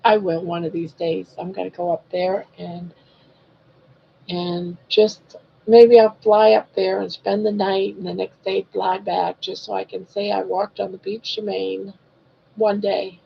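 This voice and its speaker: Woman in her 60s, live-stream host, slow and chatty, teases her viewers, slightly dull lo-fi audio. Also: mid-range voice, level tone, creaky, slight background noise. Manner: chatty, reads viewer comments aloud and teases. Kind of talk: casual live-stream chat.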